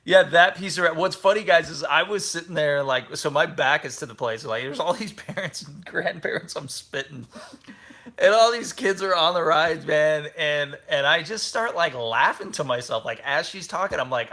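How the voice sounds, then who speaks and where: A man in his thirties, co-hosting a casual family travel chat and telling stories with lively acted-out quotes. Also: a little high, moderate pace. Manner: animated storytelling, acts out quotes. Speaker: podcast co-host.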